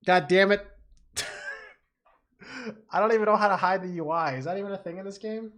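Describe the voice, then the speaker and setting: A man's voice: high-pitched, normal speed, a bit bright. A man streaming a game, chatting casually with a self-mocking tone and frequent swearing. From Canada. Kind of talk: gameplay commentary.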